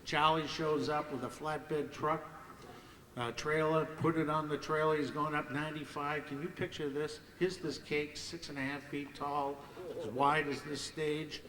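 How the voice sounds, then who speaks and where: An older man holds the stage with racing anecdotes in a rather high voice and throws himself into the other characters' voices. He is heard from a distance, and his voice carries a long reverb off the banquet hall walls, with faint room noise underneath. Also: measured pace. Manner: lively, acts out the voices of others. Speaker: hall of fame ceremony speaker. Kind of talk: anecdotal after-dinner storytelling. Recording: echoey hall from far off.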